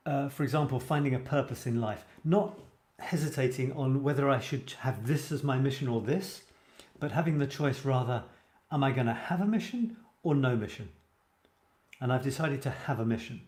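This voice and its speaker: A man's voice: medium pitch, moderate pace, a little mellow. A man hosting a live show about writing, chatting casually and reading viewers' comments aloud with enthusiasm. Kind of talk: casual live-stream chat. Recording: roomy echoey sound.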